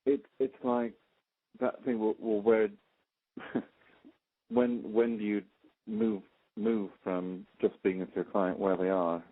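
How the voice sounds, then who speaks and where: Halting man asking over a phone line. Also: fairly low pitch, fairly even intonation. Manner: halting, with many restarts. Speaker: coaching student. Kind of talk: asking questions in a class call.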